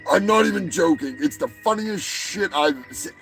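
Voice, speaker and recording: Male host, high-pitched gravelly voice, slow, profane, rambling, faint music behind. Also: poor audio. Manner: profane, meandering, stumbles and repeats words. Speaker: show host. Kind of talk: rambling comedic commentary.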